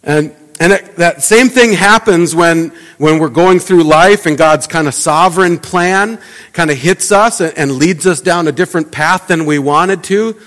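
A man's voice: fairly high pitch, unhurried, fairly bright tone. Man preaching in a reverberant hall. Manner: conversational preaching with rhetorical questions and acted-out asides. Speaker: pastor. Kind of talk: sermon. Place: church sanctuary. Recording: long church reverb.

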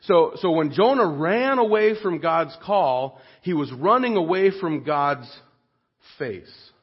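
A man preaches a sermon with a fairly high, husky voice. He speaks earnestly and expressively and sinks soft and low when the point turns grave. The recording sounds dull and lo-fi. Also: animated, slow pace.

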